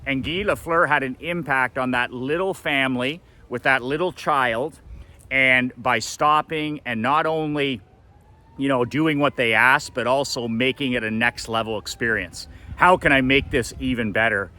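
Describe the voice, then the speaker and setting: A man's voice: mid-range voice, normal speed, sharp tone. A middle-aged man who coaches for a living, telling a personal story in a blunt, emphatic way and swearing freely. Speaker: motivational coach.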